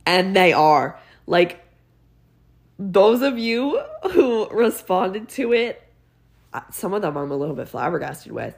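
A teenage girl hosts her own podcast, her low, heavily gravelly voice congested from being sick, with rough fry that stands out. She speaks slowly with big pitch swings, ranting in a casual monologue that's sarcastic and exasperated and packed with "like."

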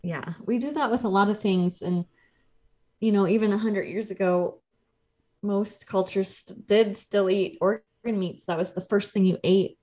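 A woman's voice: mid-range voice, fairly even intonation, moderate pace, warm tone. Chatty woman explaining nutrition. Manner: explanatory, chatty, laughs easily. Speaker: nutrition coach, podcast co-host. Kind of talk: casual podcast chat.

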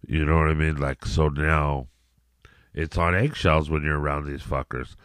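A man's voice: extremely low pitch, steady tone, moderate pace, fairly bright tone, clean tone, dry recording, studio quality. A man hosting a solo podcast in a rambling, profane rant, with many restarts and repeated "you know what I mean". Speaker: podcast host.

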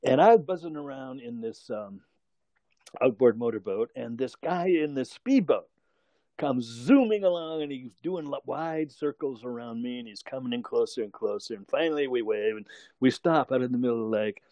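A man's voice: mid-range voice, expressive, moderate pace, dark tone, no room sound. An older man telling a long story in casual conversation, rambling, chuckling and correcting himself as he goes.

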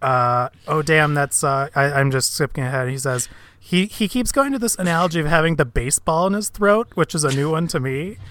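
A man's voice: fairly high pitch, animated, brisk, a bit bright. A man co-hosting a casual comedy podcast, reading listener comments aloud with amused asides.

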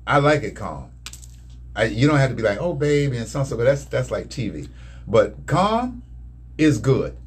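A man talking casually and colloquially in a couple's conversation, gently teasing. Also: medium pitch, sing-song, a little slow, pauses often, husky.

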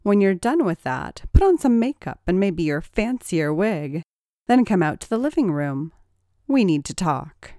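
A woman voicing a bossy, teasing young woman roommate who gives orders with calm confidence. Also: lowish voice, unhurried, dry recording, clean studio sound. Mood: teasing commanding.

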